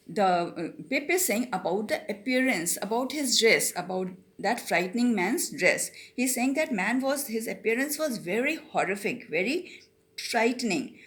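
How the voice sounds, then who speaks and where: Woman teacher explaining a story. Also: fairly high pitch. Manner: reads a line, then explains it slowly, switching into Hindi. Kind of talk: reading and explaining a story to students.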